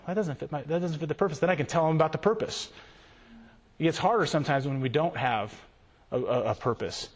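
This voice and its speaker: A man giving a conversational conference talk to ministry workers in a large hall, checking in with "okay?" and acting out quoted voices. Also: on the high side. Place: large hall with a live audience. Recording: long reverb from a large hall.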